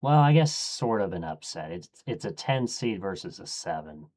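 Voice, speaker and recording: A man streaming, thinking aloud in a casual, low-key way as he murmurs his choices one after another. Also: sing-song, normal speed, a little mellow.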